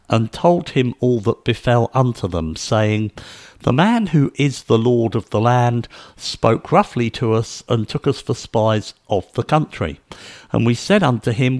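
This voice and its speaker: Guy reading scripture, calm solemn narration, dry mic. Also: mid-range voice, a little slow, no room sound. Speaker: scripture reader.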